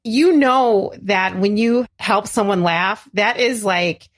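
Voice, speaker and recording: A middle-aged woman hosting a podcast, effusive and emphatic, her voice climbing high when she gets excited. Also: takes it slowly. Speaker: podcast host. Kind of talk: casual podcast interview.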